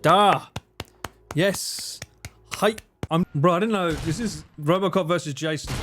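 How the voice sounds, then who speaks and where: A man's voice: on the high side, measured pace, noisy background. A man streaming a game live, joking with chat, swearing and laughing often. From United Kingdom. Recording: game music loud behind. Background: game music.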